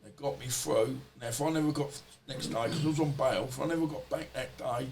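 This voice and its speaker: A man's voice: mid-range voice, fairly quick, gravelly, darkish tone, a little hiss or hum. Rambling man telling stories. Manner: rambling, swearing, colloquial storytelling. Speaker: podcast guest. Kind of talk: casual storytelling interview.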